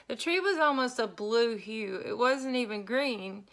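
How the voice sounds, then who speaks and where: A middle-aged woman telling a story casually while she crafts, chatty and quick to laugh, with lots of y'all. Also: a little high, fairly bright tone. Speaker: craft vlogger.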